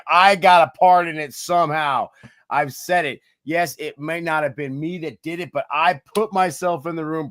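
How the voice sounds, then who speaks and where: A man's voice: medium pitch, fairly bright tone, dry recording, studio quality. A man co-hosting a casual motivational talk show, talking in a hyped, preachy, slangy way. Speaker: podcast co-host.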